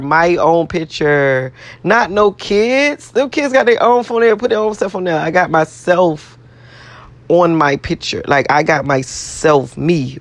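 A woman's voice: fairly low pitch, dry recording. A woman vlogger rambling in a brash, profane, boastful way, repeating herself as she talks to her viewers. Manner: boastful, self-adoring. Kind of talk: casual self-talk to camera.

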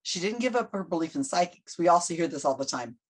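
A husky, breathy woman from the United States, in her middle years, telling a story as a podcast guest. She talks in a loose, chatty way. She keeps jumping into the voices of the people she quotes. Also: on the low side, animated, quick pace. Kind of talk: casual podcast interview.

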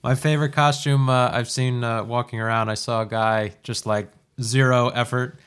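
A man hosts a podcast in a loose, chatty way. He fills pauses with "uh" and "um" and laughs easily along with his co-hosts. His voice sits at an ordinary middle pitch. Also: level tone, a bit bright, clear, resonant tone. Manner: easygoing, laughs often, many fillers. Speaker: podcast host. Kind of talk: casual chat.

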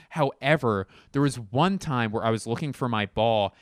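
A man's voice: mid-range voice, fast talker, hardly any pauses, smooth, no room sound, clean studio sound. A young adult man, a podcast host, at home telling a rambling, profane, self-mocking comedic story in casual monologue. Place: at home, in a bedroom.

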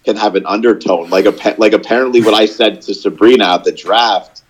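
A man's voice: lowish voice, a little fast, a little hiss or hum, rough recording. A young man co-hosting a casual podcast, telling stories in a rambling way with lots of filler words. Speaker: podcast co-host. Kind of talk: casual chat.

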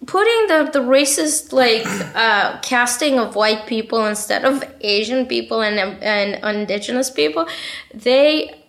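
A young woman with a fairly high voice and a lot of vocal fry talks fast and bluntly in a casual interview. She swears freely and fills her sentences with "like" and "right?". Her delivery is heated and passionate. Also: a bit bright. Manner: many fillers like "like" and "right?". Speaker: interviewee, author of a story.

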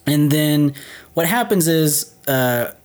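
A man's voice: fairly high pitch, animated, slow, a little mellow. A man co-hosting a casual film podcast, joking and rambling as he retells a scene. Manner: joking, laughs often; loose, rambling with fillers. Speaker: podcast co-host. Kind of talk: casual chat.

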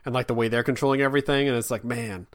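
A man's voice: medium pitch, fairly even intonation. A man in his thirties co-hosting a casual podcast, self-mocking and playful. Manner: playful, self-mocking, puts on quick voices. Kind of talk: casual chat.

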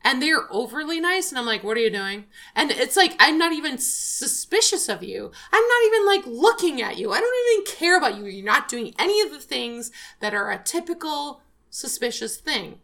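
Chatty woman, lively storyteller, bright tone, does voices for customers. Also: sits high. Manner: animated, acts out customers in quick voices. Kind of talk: casual chat about retail work.

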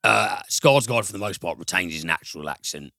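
Deep gravelly-voiced man reviewing films. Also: expressive, fairly quick, bright, forceful tone, no echo. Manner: rambling and profane, with many fillers and restarts. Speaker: film reviewer. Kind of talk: casual film review chat.

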